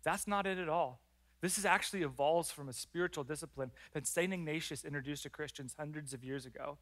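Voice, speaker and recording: Bright-voiced animated male pastor. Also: a little high, fairly quick. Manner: animated, acts out prayers and complaints in lively voices. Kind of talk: sermon. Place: church.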